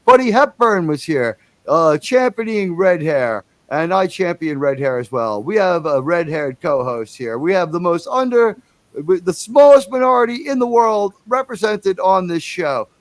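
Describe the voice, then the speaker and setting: A man's voice: sits high, animated, unhurried, no echo. A man hosting a casual livestream, rambling and chatty, with enthusiastic, profane asides. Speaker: livestream host.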